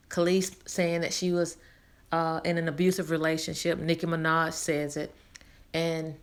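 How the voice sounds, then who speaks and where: A woman's voice: fairly low pitch, a bit bright. A woman hosting her own channel, speaking earnestly and candidly to her viewers, repeating points for emphasis. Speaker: channel host. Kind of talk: personal vlog talk.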